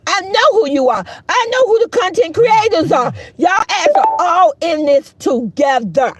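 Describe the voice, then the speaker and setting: A woman's voice: extremely high pitch, expressive, a little slow, no room sound, soft background music. A middle-aged woman giving heated, profane, preachy live-stream commentary, mocking the people she talks about.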